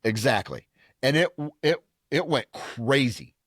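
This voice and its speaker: A man co-hosting a podcast in casual chat, joking and giving quick replies. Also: mid-range voice, expressive, a bit bright, husky, no echo, studio quality. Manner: quick back-channel replies, jokey. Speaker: podcast co-host.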